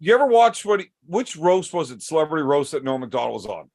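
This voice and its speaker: Lively-pitched man cracking crude jibes. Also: creaky, slight background noise. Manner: teasing, crude, quick. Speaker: podcast co-host. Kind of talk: casual chat over beers.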